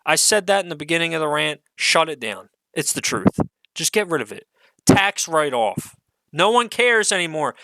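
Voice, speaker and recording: A man's voice: on the high side, very animated, normal speed, gravelly, sharp tone, no room sound, poor audio. A man giving an unscripted solo rant as an online commentator, profane, exasperated and sarcastic, swearing often amid fillers.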